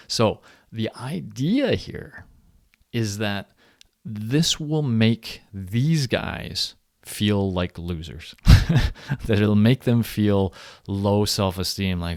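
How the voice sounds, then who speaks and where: Very slowly, a low-voiced university lecturer explains things conversationally in a recorded lecture, often stumbling and restarting. He brings quoted people to life with animated impressions, and the audio is close and dry, free of echo or room sound.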